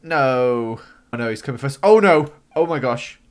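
A young man giving excitable let's-play commentary, gasping and squealing when startled. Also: mid-range voice, moderate pace. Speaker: gaming YouTuber.

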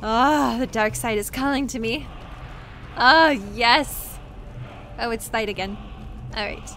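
A young woman streaming a video game live, reacting excitably with shouts, groans and laughter as she plays. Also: on the high side, slow, a little hiss or hum. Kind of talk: live gameplay commentary.

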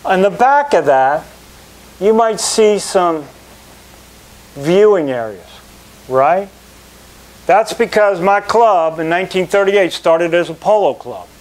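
Guy in his middle years spinning stories to a crowd, acts out the people in them, voice sits a bit high. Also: slow, long pauses. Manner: animated storyteller, acts out quoted people. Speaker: country club general manager. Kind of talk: anecdotal talk to an audience.

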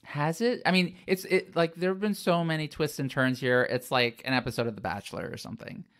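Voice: medium pitch, a little fast, fairly bright tone. A podcast co-host in casual chat, rambling with many fillers and restarts.

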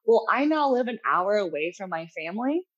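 A woman's voice: medium pitch, very animated, a little fast, highs cut off. A young adult woman, a pastry chef guest, chatting casually and laughing easily while she tells family stories. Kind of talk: casual chat.

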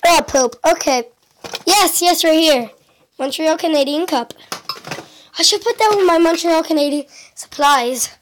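A woman chatting excitedly in a casual home vlog, giggling and exclaiming as she shows off her things to a handheld camera. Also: high voice, measured pace, slight background noise. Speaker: vlogger. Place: at home indoors.

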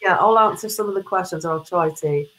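A woman hosting a casual live interview over a video call, reading out viewer questions and chatting in a relaxed, rambling way. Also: on the low side, fairly quick, slight background noise, poor audio. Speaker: host.

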